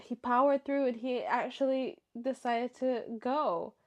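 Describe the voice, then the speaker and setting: A woman's voice: a little high, unhurried, darkish tone, highs cut off. A young woman reading stories aloud for her show and breaking off into emotional, chatty reactions. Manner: emotional, chatty asides between read passages. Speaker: story reaction host.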